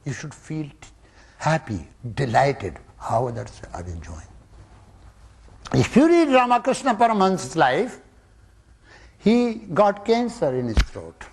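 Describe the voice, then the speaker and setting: Guy teaching spiritual stuff, super lively up-and-down voice, keeps asking questions. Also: on the high side, unhurried, vocal fry, long pauses, slightly rough. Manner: emphatic, many rhetorical questions; sudden loud rises, then soft drops. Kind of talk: spiritual discourse to students.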